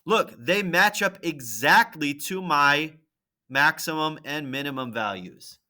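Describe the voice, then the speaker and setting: A math teacher walking through a graphing problem on screen, thinking aloud and checking in with "right?" and "okay?". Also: male voice, fairly high pitch, lively intonation, takes it slowly, pushed and bright. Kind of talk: screen-recorded lesson walkthrough.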